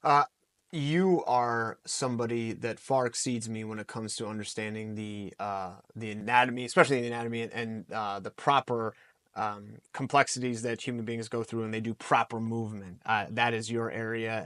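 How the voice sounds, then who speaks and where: A man in his forties, a coach talking as a podcast guest, telling lively stories and acting out the things he says to his fighters. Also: lowish voice, moderate pace, no echo. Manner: animated, storytelling with acted-out quotes. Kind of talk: podcast interview answers.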